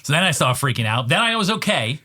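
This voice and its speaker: A man in casual podcast chat, telling a story with quick talk and laughter. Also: a little high, sing-song, pushed and bright, slight background noise.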